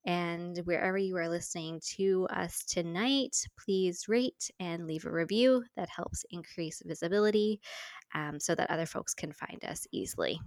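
A woman co-hosting a podcast, talking in a relaxed, chatty way with frequent ums. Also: lowish voice, normal speed, no room sound, clean studio sound. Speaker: podcast co-host. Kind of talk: casual podcast chat.

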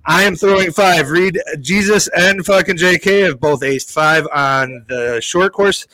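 A man telling a story in casual chat, animated and heavy on swearing, like a podcast co-host. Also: sits high, a little slow, slight background noise, rough recording.

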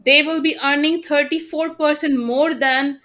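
A woman's voice: sits high, fairly even intonation, measured pace, sharp tone. A young woman, a native Bengali speaker, chatting on a podcast about her teaching and telling personal stories. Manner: storytelling, quotes others in asides. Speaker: podcast guest, university teacher. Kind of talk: casual podcast chat.

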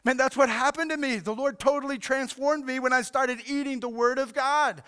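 A man's voice: very high-pitched, fairly even intonation, normal speed, fairly bright tone, clean tone. A middle-aged male pastor preaching a sermon in a casual, fired-up way, often saying "man" and "like".

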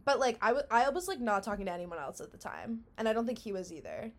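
A young woman from Canada co-hosting a podcast in casual chat, self-mocking and quick to laugh. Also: fairly high pitch, very animated. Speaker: podcast co-host.

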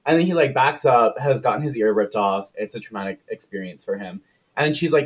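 A man's voice: mid-range voice, animated, quick pace, breathy edge. A man co-hosting a podcast, retelling a film plot in casual, profane chat and briefly putting on voices for the characters. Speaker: podcast co-host.

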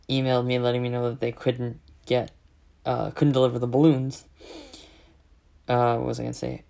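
A man's voice: mid-range voice, vocal fry, a little mellow. A man ranting casually, exasperated and sarcastic, swearing heavily as he tells a complaint. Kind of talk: casual profane rant.

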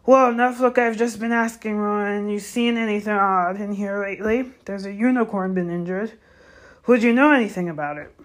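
A woman voicing a gruff, big-hearted giant gamekeeper in a storybook reading, blustery and grumbling. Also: mid-range voice, moderate pace, natural voice. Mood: irritable.

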